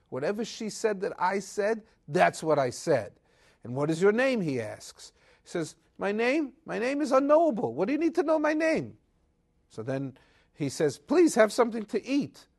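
Animated man retelling a scripture story. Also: on the high side. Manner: lively retelling, acting out characters' quotes; mixes Hebrew terms into casual English. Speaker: Torah teacher. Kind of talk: weekly Torah portion storytelling.

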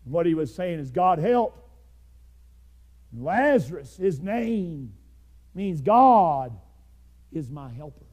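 A man preaching a fiery sermon, swinging between loud shouted climaxes and hushed low passages. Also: very animated, slow, pauses often.

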